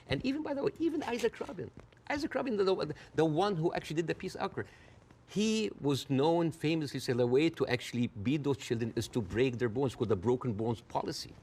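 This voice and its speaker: A man speaking as an interview guest in a heated debate, animated and quick to push back, often acting out the people he quotes in a raised voice. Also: a little high, slight background noise. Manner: fast, interrupts and pushes back.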